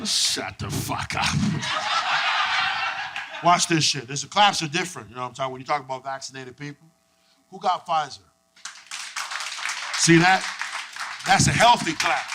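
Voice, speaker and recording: A young man performing a stand-up comedy set, loud and profane, working the crowd with lively back-and-forth. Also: on the high side, a little fast, long pauses. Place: comedy club stage with live audience. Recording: noisy live club recording.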